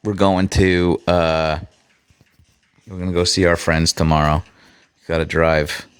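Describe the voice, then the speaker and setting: A man's voice: low-pitched, flat delivery, measured pace, clear, resonant tone. A man hosting a casual livestream, chatting with viewers in a sarcastic, profane way. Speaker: livestream host.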